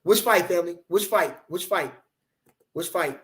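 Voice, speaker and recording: A man's voice: high-pitched, normal speed, fairly bright tone. Rambling, profane man hyping a fight. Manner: rambling and repetitive, profane hype talk. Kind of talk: casual livestream chat reading comments.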